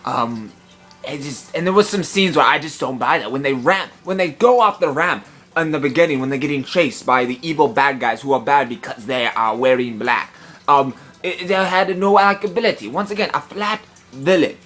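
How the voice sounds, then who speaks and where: A man giving a comedic film review in a pompous, affected gentlemanly put-on voice, indignant and long-winded. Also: on the high side, moderate pace, soft background music. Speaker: movie reviewer.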